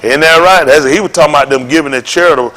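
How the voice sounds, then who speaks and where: A man preaching an informal sermon to his congregation in a folksy, joking way that rises to shouts. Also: a little high, very fast. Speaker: congregation leader.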